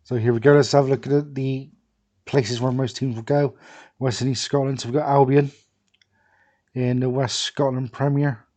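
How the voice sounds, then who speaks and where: Mellow-voiced man musing over a game. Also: medium pitch, flat delivery, normal speed. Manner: rambling, thinking aloud with many fillers. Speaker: gaming video creator. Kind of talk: casual commentary over a football management game.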